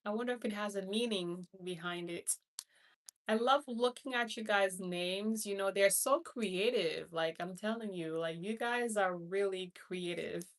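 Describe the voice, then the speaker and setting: Woman, from Haiti, hospice nurse, live stream host, rambling and repetitive, unhurried, a bit far from the mic. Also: mid-range voice. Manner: chatty, rambling, repeats herself, greets viewers by name. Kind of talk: casual livestream chat.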